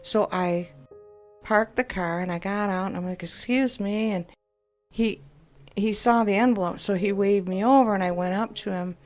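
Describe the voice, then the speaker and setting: A woman's voice: mid-range voice, normal speed, a little mellow. A woman telling a personal story in a rambling, upset and exasperated way, full of self-doubting asides. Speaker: game video creator. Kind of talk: personal venting monologue. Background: faint background music.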